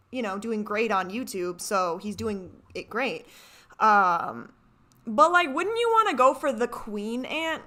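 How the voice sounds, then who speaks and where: A woman's voice: a little high, bright, forceful tone. A woman hosting a reaction video, talking casually and rambling, often restarting and correcting herself.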